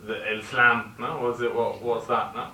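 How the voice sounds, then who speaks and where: Captured from far off in an echoey classroom, this English teacher explains vocabulary and frequently checks in with students through tag questions. He has a bright, forceful mid-range voice with a level tone at normal speed, over slight background noise.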